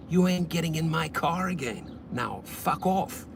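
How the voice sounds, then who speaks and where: A man with a fairly high voice talks casually on a livestream from his car, blunt and profane. He shifts from loud, pumped-up hype to low, half-muttered asides. A faint hum of noise sits behind him. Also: expressive, a little slow, vocal fry. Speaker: rideshare driver livestream host.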